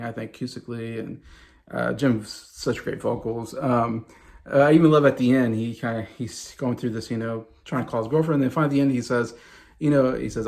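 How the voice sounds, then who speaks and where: Gravelly enthusiastic male music vlogger. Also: medium pitch. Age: around 40. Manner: enthusiastic, rambling, many fillers and restarts. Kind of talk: casual talk to camera.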